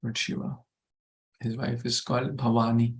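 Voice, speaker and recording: A man teaching a scripture verse to a study group, going slowly, repeating words and asking the group questions. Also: mid-range voice, little pitch movement.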